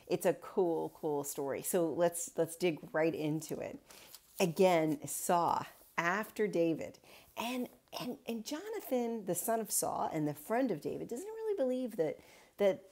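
A woman's voice: on the low side, dark tone. A woman pastor giving a casual daily Bible reflection, retelling the story in a chatty way with wry asides.

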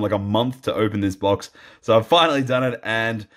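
A man's voice: fairly low pitch, a little fast, a bit bright. A man commenting casually on a trading card box opening, playful and self-mocking, laughing often.

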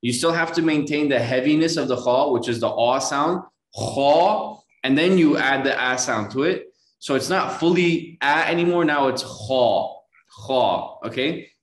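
A man teaching Quran reading one-on-one, patiently correcting pronunciation and slowly modeling each sound. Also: a little high, echoey room.

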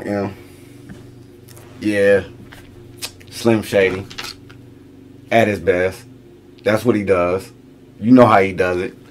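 A middle-aged man hosting a reaction video, talking casually, repeating lines back to himself and chuckling as he muses over them. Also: fairly low pitch.

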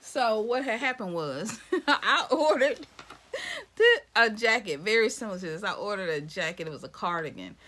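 A woman opening gifts in a casual vlog, excitable and chatty, talking straight to her viewers and slipping into whispers now and then. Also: mid-range voice. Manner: excitable, addresses viewers as "y'all", slips into whispers.

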